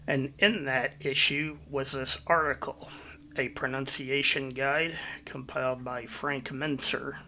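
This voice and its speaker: A man hosting his own video, giving a measured, explanatory voice-over. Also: mid-range voice, fairly even intonation, pushed and bright, a little hiss or hum. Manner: measured, explanatory, citing sources. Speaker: YouTube host.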